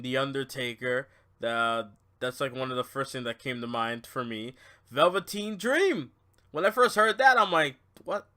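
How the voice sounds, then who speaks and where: A young man giving a casual, animated review of a wrestling show, swinging between low muttering and loud, swearing outbursts.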